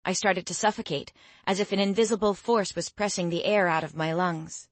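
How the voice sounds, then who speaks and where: A woman reading a fantasy story aloud in first person, measured and expressive. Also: lowish voice, dry recording. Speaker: audiobook narrator. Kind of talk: scripted first-person narration.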